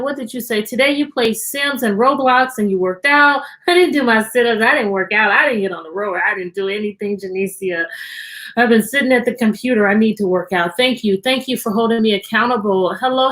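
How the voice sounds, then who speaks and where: A woman's voice: a little high, normal speed, fairly bright tone. A woman teacher hosting a live-streamed storytime from her computer at home, cheerfully greeting children by name.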